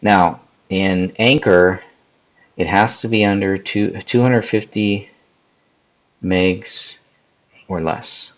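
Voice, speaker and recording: A man's voice: low voice, steady tone, takes it slowly, long pauses, highs cut off. A man hosting a live editing tutorial, casually talking viewers through each step and speaking to people in the live chat. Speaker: podcast host.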